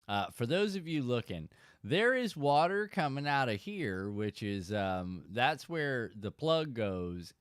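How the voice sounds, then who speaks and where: A man hosting a casual fishing livestream, telling a story with animated emphasis and chatting to viewers. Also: medium pitch, dry recording, clean studio sound. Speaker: fishing channel host.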